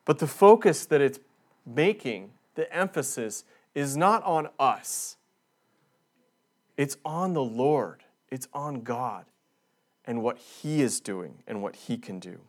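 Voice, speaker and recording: A man's voice: medium pitch, lively intonation, slow. Earnest man preaching a missionary sermon. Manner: earnest, emphatic preaching with rising stress. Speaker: missionary speaker.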